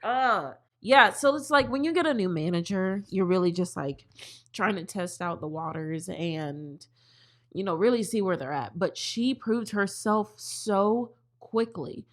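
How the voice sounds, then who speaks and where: A woman's voice: mid-range voice, animated, measured pace. A young woman co-hosting a casual podcast chat, candid and chatty, swearing freely. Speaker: podcast co-host, bartender.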